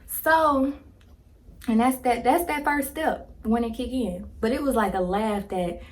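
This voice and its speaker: A woman in her twenties, a vlogger telling a casual story to a phone camera, slangy and animated, laughing as she talks. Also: a little high, unhurried. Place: indoors, home filming with ring light.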